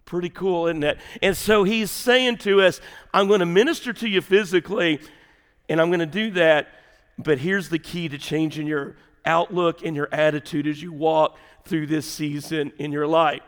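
A man preaching a sermon as pastor, animated and conversational, swinging between loud emphasis and hushed asides. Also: a little high, normal speed, clear, resonant tone, in a large hall.

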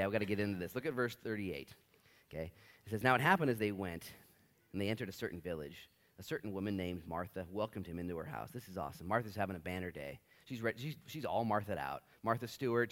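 A man preaching a sermon in a church, animated and joking, acting out short voices. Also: fairly low pitch. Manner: animated, jokey, acts out voices in bursts. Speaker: pastor.

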